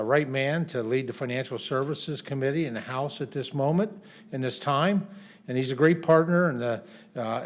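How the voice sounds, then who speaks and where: A man, a congressman, giving a statement at a press conference, with many fillers and restarts. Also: medium pitch.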